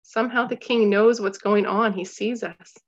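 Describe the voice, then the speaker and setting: A woman's voice: mid-range voice, steady tone, moderate pace, lo-fi sound, lightly acted. A woman reading as a frightened young sister. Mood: earnest. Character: trembling, frightened young girl, his sister.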